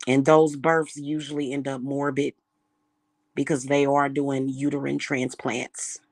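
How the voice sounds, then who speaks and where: A spiritual reader and vlogger with a very deep, level, slightly mellow voice delivers an angry monologue at a measured pace. She rants heatedly and profanely, repeating her points, in dry, studio-quality audio.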